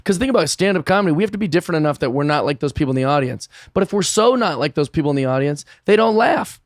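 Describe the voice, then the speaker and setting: Excitable American man telling stories. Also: on the high side, rapid-fire, no room sound, studio quality. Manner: animated, storytelling, excitable laughs. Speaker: guest comedian. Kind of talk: casual podcast chat.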